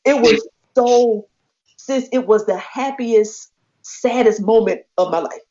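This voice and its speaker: Podcast co-host, woman; lively storyteller who acts out every quote; dull lo-fi sound. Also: fairly high pitch, takes it slowly. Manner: expressive, acts out quoted voices, laughs often. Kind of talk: animated storytelling chat. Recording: muffled lo-fi podcast audio.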